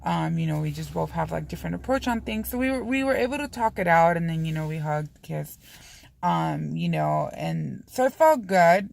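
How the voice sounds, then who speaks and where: A woman's voice: low-pitched, expressive, moderate pace, vocal fry, darkish tone. A woman vlogging in a casual, confessional way, rambling candidly with frequent swearing and lots of "you know" and "um". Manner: heavy use of fillers like "you know" and "um".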